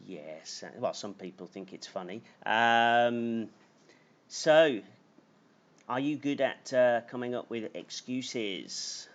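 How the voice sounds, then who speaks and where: A man teaching an English lesson on a live stream, telling a short story and reading out viewer comments in a slow, clear teaching voice. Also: fairly low pitch. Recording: slightly dull lo-fi stream audio.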